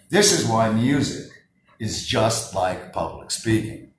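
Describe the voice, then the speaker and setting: A man leading a live public speaking workshop, very animated and moving from soft talk to shouting. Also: fairly low pitch, takes it slowly, slight background noise. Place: workshop room with an audience. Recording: roomy sound from a distance, faint ambience.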